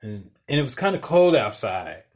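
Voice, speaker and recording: A man's voice: medium pitch, sing-song, normal speed, a little mellow. A young man, a podcast host, telling a loose, profane story in casual chat and laughing as he goes. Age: young adult.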